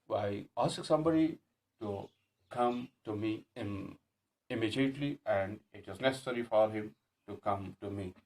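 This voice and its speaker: A man teaching an English grammar lesson, speaking slowly and repeating example sentences with emphasis, often pausing and correcting himself. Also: on the low side. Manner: frequent hesitations and self-corrections.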